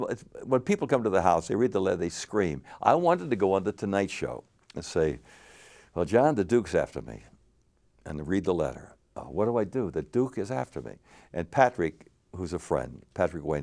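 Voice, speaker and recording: An older man tells stories in an interview with a gravelly, fairly low voice. His pitch swings widely as he drives an animated anecdote along, often breaking into laughter. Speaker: game show host interviewee. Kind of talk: storytelling interview.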